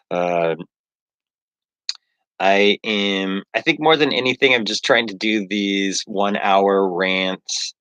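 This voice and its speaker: A man with a lowish voice talks on a livestream in a rambling, self-mocking way. He trails off often and fills gaps with "um" and "like". The sound is dry, with no room echo. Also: takes it slowly, long pauses, a bit bright, smooth. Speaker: livestreaming artist.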